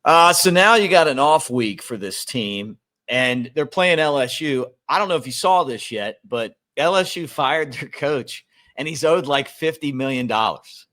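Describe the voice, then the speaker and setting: A man hosting a casual sports podcast, easygoing and quick to laugh, reading sponsor plugs between chat. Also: mid-range voice, expressive, bright, forceful tone. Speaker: podcast host.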